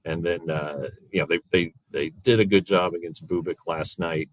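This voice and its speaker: A middle-aged man with a very deep voice gives casual sports analysis. He rambles, circling back with fillers and false starts. The sound is dry and close. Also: fairly even intonation, moderate pace, no room sound. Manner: rambling, many fillers and restarts. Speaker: guest analyst. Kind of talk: casual sports podcast chat.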